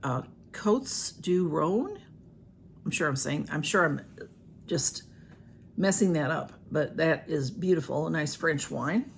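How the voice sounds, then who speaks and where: Gravelly-voiced chatty woman. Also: low-pitched, unhurried, a little hiss or hum. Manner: chatty, rambling, many ums and restarts. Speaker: vlogger. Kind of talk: casual unboxing chat. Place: home room with a ring light.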